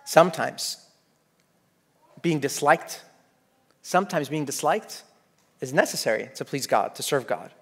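A man with a high-pitched voice delivers a lively sermon. He acts out the voices he quotes with a lot of energy, repeats his phrases and keeps checking in with his listeners. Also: unhurried, pauses often, slightly rough. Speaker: preacher.

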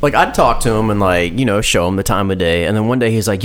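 A man's voice: lowish voice, animated, fast talker, soft background music. A man hosting a podcast, telling a long story in a laid-back, profane way, full of "like" and quoted dialogue. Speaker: podcast host. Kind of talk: casual storytelling chat.

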